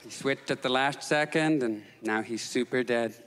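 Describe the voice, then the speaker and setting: A man performing a stand-up comedy set, telling neurotic, self-mocking stories and jumping into high excited outbursts. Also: normal speed, background noise. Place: stage in a comedy club with audience. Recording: live club recording with long reverb, faint crowd.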